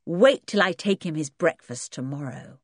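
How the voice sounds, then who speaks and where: A woman's voice: low voice, lively intonation, normal speed, no room sound, clean studio sound. A woman reading an audiobook and voicing a fierce, stubborn tomboy girl who speaks defiantly. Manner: defiant, sulky.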